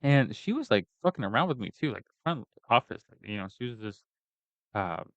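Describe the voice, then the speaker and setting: A man's voice: medium pitch, very animated, brisk, no room sound. A man ranting in a casual, profane and rambling way as he tells a personal story. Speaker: vlogger giving a personal account. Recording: dull lo-fi dry recording.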